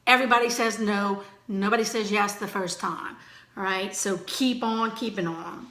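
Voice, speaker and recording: A woman giving a chatty, energetic motivational training talk to her team, full of fillers. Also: medium pitch, normal speed, reverberant.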